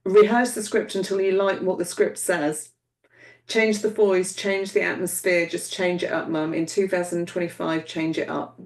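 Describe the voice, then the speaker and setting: A woman's voice: fairly low pitch, little pitch movement, normal speed, distant mic. A woman hosting a mediumship demonstration, relaying messages in an affectionate, searching way and calling people darling. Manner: repetitive, searching phrasing. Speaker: host and medium. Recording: roomy sound from off-mic.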